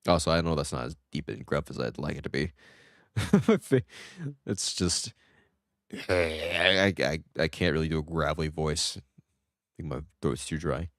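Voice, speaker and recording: A man's voice: rumbling low, animated, measured pace, a bit bright, no room sound. A man giving rambling, self-joking let's-play commentary into a close desk mic. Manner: rambling, joking, laughs at himself. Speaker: gameplay streamer.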